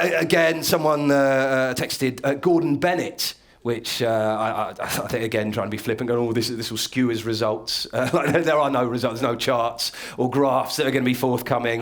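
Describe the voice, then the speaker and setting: A man giving a stand-up comedy lecture to a live audience, telling stories in a dry, wry way and chuckling at his own lines. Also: mid-range voice.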